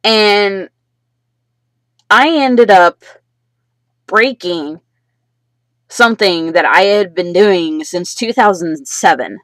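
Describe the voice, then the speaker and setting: A woman with a lowish voice vents a rough personal story to her camera, rambling and swearing as she goes. Her voice sounds dry and close. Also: slow pace, pauses often, dry recording. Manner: agitated, rambling, profane. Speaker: vlogger.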